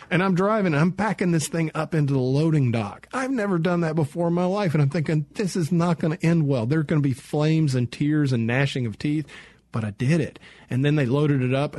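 A man's voice: medium pitch, a little mellow, no room sound. A middle-aged man hosting a radio talk show, chatting casually and telling self-deprecating jokes. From Tennessee. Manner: joking, self-deprecating storyteller.

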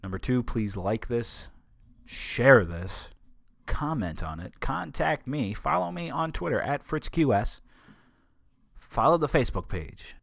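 A man's voice: mid-range voice, animated, measured pace, gravelly, fairly bright tone, no room sound, studio quality. A man hosting a solo podcast in a casual monologue, rambling, stumbling over his words and making wry asides. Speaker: podcast host.

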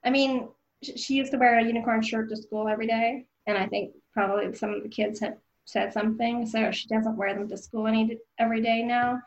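Soft-spoken woman on a muffled line. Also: on the high side, fairly even intonation. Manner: soft-spoken, measured, laughs often. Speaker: guest, parent of an autistic daughter. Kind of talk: casual conversation.

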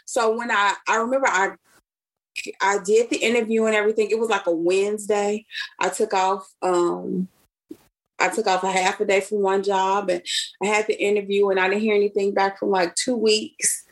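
Husky-voiced woman from Chicago, animated storyteller. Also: mid-range voice, moderate pace. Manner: animated storyteller who acts out quoted speech. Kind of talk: casual chat.

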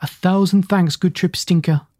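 An earnest, lofty young prince, as a storybook reader plays him, with flowery, old-fashioned phrasing. The voice is somewhat breathy and very close. There is no room echo at all. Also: mid-range voice, steady tone, normal speed, darkish tone, natural voice.

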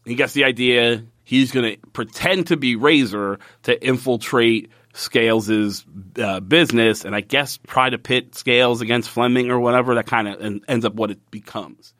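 A man's voice: medium pitch, normal speed, fairly bright tone, dry recording, clean studio sound. A man co-hosting a casual chat, ranting with profane exasperation while recapping a TV episode. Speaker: podcast co-host recapping a TV episode.

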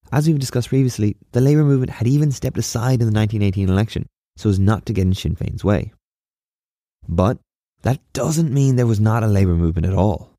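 A man hosts a history podcast in a low, mellow voice, and the recording is close and completely dry. He reads from a script but keeps it casual and wry, dropping in sarcastic asides. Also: no echo. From Ireland.

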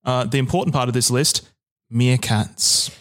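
A man's voice: mid-range voice, steady tone, moderate pace. A young man on a casual podcast, spinning a story in a dry, meandering way. He stumbles and restarts mid-sentence, then keeps going with easy self-mocking humor. His voice sits in a middle register. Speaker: podcast co-host.

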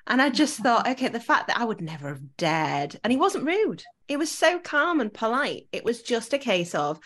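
A woman in her thirties hosting a podcast, telling a story with animated quoted voices and laughs. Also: a little high, normal speed, few pauses. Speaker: podcast host. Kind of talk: casual conversational interview.

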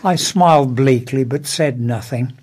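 A man's voice: medium pitch, a little slow, a little mellow. An Englishman reading his own humorous first-person column aloud, with a wry, dry comic delivery.

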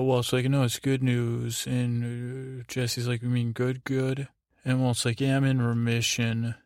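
A man's voice: mid-range voice, creaky, no room sound, studio quality. A man hosting a sleep podcast, rambling through a show recap in a meandering, self-deprecating way. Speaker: podcast host.

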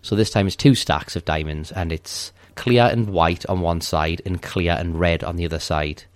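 A man's voice: low voice, normal speed, dry recording. A man co-hosting a casual podcast, recounting a video game level step by step in a methodical way. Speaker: podcast co-host. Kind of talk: casual game walkthrough chat.

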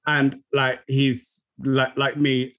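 A man's voice: mid-range voice, completely flat delivery, slow, fairly bright tone. A young man co-hosting a podcast, telling a funny story with lots of laughter. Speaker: podcast co-host. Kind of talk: casual storytelling chat.

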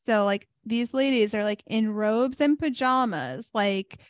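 A young woman on a yoga podcast, an animated storyteller who laughs often and fills her talk with "like". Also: on the high side, unhurried, no echo, clean studio sound. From South Florida. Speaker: podcast co-host, yoga teacher. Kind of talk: casual chat, storytelling.

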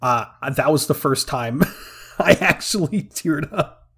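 A man co-hosting a podcast, excitedly retelling movie scenes in casual chat, laughing often and restarting his sentences. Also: fairly high pitch, slow pace, breathy edge. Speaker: podcast co-host.

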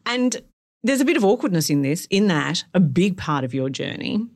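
Woman podcast co-host, effusive chat, low voice that swoops a lot. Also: normal speed. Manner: effusive, animated, enthusiastic.

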